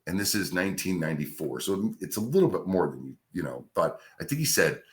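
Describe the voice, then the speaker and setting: A middle-aged man, a radio host, telling a career story in a casual, animated way. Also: low-pitched, a little fast. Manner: animated anecdote telling with acted-out quotes. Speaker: radio host, podcast guest.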